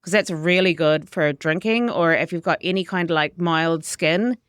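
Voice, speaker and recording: A middle-aged woman with a New Zealand accent, a chef chatting casually as an interview guest, lively and full of quoted asides. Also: on the low side, normal speed, clean tone, no room sound, studio quality.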